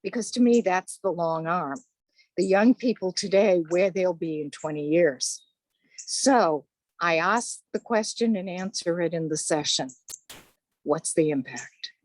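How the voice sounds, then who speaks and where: A woman's voice: fairly low pitch, a little slow, a little mellow, no echo. An older woman with a Boston accent, a course instructor chatting through interview answers. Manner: chatty, conversational.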